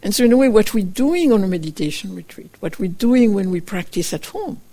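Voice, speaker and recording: A woman meditation teacher giving a dharma talk, telling a story gently and reflectively, often acting out her own inner voice in short quoted asides. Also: medium pitch, lively intonation, brisk. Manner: gentle, reflective, with frequent fillers like "kind of". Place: meditation retreat center.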